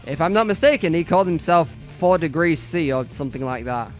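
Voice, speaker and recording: A woman's voice: low voice, a little fast, faint music behind. A woman narrating a visual novel let's play, reading the lines and joking with casual swearing. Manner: lively, swears and laughs at herself.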